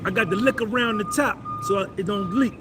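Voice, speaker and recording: High-voiced man chatting on a live stream. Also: fairly quick, background noise. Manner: loose, boastful, repeats himself, shouts out viewers. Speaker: vlogger doing a live stream. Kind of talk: casual live-stream chat.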